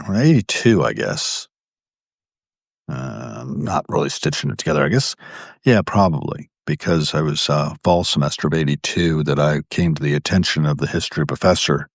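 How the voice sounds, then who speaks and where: A man's voice: rumbling low, gravelly, breathy edge, no echo, clean studio sound. A man, hosting a live video and telling rambling personal stories, often correcting himself. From Virginia, US. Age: 60s. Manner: meandering, self-correcting. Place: indoor room in an old building.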